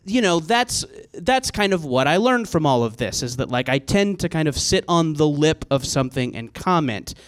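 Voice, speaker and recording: A man tells a funny personal story to a live audience, wandering through fillers and self-mocking asides. His voice is smooth and clear, pitched a little high for a man. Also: very animated, moderate pace. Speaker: comedy writer telling a story on stage. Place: live show venue with audience.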